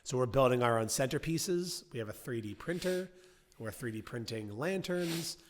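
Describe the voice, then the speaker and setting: A man's voice: medium pitch, expressive, normal speed, slight background noise. Casual man reading wedding tips. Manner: reads tips aloud then riffs, swears casually. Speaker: podcast co-host.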